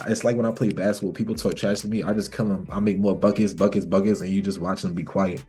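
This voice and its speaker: A man's voice: fairly low pitch, steady tone, fast, few pauses, mellow, husky, soft background music. A young man teaching a casual live trading class as a mentor, talking in a slangy, rambling way. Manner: slangy, rambling, talks back and forth with himself.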